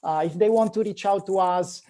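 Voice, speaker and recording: Mellow-voiced Italian-accented man. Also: sits high, a little fast. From Rome, Italy. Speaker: guest, dental marketing agency. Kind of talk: casual interview chat.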